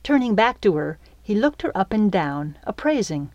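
A woman reading her own novel aloud as an audiobook, telling the story slowly and expressively. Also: mid-range voice, very animated, darkish tone, no echo, lo-fi sound. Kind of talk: audiobook narration.

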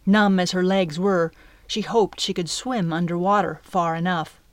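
A woman giving a scripted audiobook narration of a story, in an even, measured way. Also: lowish voice, no echo.

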